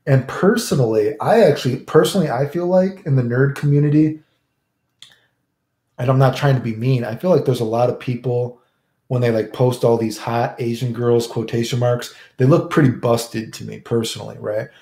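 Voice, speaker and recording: Rambling Southern American man, mellow voice. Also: mid-range voice, moderate pace, reverberant. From United States. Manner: rambling, swears freely, keeps tagging lines with "right?". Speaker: livestreamer. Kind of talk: casual chat with live viewers.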